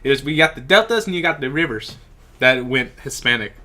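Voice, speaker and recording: A man's voice: medium pitch, expressive, a little fast. A young man co-hosting a podcast in casual, jokey banter. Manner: jokey, loud, laughing, tries silly accents. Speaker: podcast co-host.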